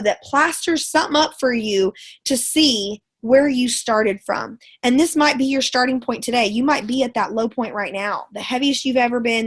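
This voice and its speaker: A woman, a schoolteacher and sales ambassador, gives a live motivational pep talk in a chatty, folksy way and repeats words for emphasis. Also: fairly high pitch. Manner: chatty and folksy, calls listeners girlfriend and y'all. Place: live online call from home.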